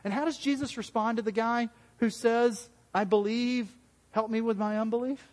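A high-voiced man preaching an interactive sermon. He talks in a conversational way, asks the room questions and acts out quoted voices with big jumps. His voice rings with a long hall reverb. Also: fairly even intonation, moderate pace. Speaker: pastor.

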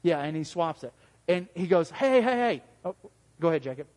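A high-voiced man preaching an interactive sermon. He talks in a conversational way, asks the room questions and acts out quoted voices with big jumps. His voice rings with a long hall reverb. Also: steady tone, a little fast, darkish tone. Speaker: pastor.

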